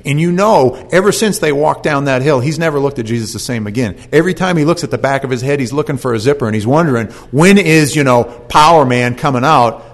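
A man preaching a sermon, telling a scripture story in a folksy, animated way with casual asides. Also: medium pitch, fast, hardly any pauses.

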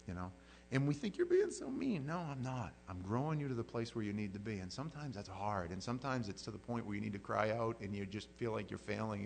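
A man's voice: on the low side, vocal fry, slight background noise, low-quality recording. A man preaching a sermon in a conversational way, repeating words as he builds emphasis. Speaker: pastor.

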